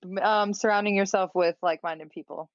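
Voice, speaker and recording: A woman's voice: medium pitch, fairly quick, no echo, lo-fi sound. A woman from the US East Coast, a podcast guest chatting casually over a video call and laughing as she talks. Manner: relaxed, laughs while talking. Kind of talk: casual chat.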